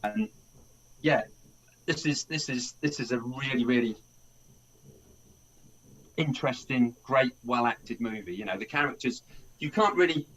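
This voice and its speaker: A man's voice: mid-range voice, unhurried, long pauses, a bit bright, poor audio. A man hosting a film podcast, telling a plot in a rambling casual way, with many restarts and acted-out lines. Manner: rambling, restarts a lot, acts out characters' lines. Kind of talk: casual film review chat.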